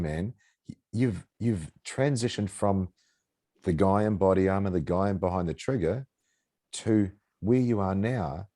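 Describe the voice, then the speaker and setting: A man hosting a podcast, speaking reflectively and haltingly as he searches for his words. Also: low-pitched, mellow, breathy edge. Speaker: podcast host. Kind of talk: casual interview conversation.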